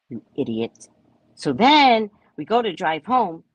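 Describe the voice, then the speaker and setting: Woman, storytelling, lively swooping pitch, husky voice, dry close sound. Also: moderate pace, no echo, low-quality recording. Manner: animated, acts out quotes, keeps saying "right?"; swears casually. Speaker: host. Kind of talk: casual storytelling.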